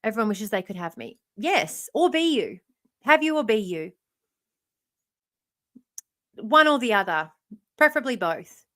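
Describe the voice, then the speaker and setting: A woman chats on a long live stream, self-mocking and swearing freely, her voice going after hours of talk. Her tone is bright and forward, pitched a little high, recorded dry and close on a phone. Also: big pitch swings, a little slow, pauses often, dry recording. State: losing her voice. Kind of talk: casual live stream chat.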